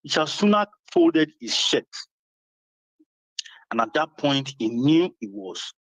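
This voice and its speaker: A man with a Nigerian accent chatting casually with the host, telling a story in a lively way and mixing in Pidgin. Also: a little high, slow pace, no room sound, rough recording. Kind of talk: casual chat.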